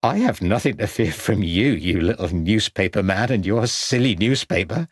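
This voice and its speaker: A man's voice: fairly low pitch, lively intonation, normal speed, slightly rough, dry recording, studio quality. A man voicing a cruel woman villain who sneers and taunts. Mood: sneering.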